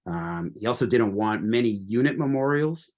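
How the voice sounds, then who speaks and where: A man's voice: lowish voice, lively intonation, normal speed, darkish tone. A man from the United States talking casually as a podcast guest, rambling with many restarts. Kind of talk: casual conversation.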